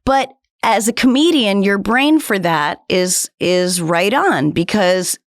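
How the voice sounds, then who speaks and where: A woman from New Hampshire, a comedian guest in a casual interview, speaking with crisp, overly precise diction. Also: mid-range voice, animated, takes it slowly, dry recording, studio quality.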